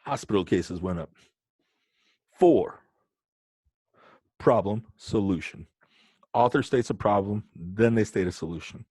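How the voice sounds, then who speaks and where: A male teacher with a lowish voice runs a lesson, joking around and talking right to his students. The sound is close and dry, with no room echo. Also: unhurried, pauses often, breathy edge. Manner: joking, animated, talks to students directly. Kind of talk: playful online lesson.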